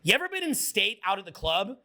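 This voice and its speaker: Guy giving a hyped seminar talk, high bright voice, swears a lot, makes the crowd repeat stuff. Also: fast. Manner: energetic, crowd call-and-response, swears freely. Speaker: social skills coach.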